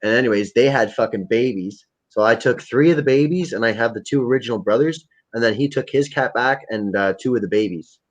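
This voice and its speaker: A man's voice: mid-range voice, fairly quick, few pauses. A young man hosting a livestream, telling rambling, profane, jokey stories in casual chat. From Canada. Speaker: livestream host. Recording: dull lo-fi stream audio.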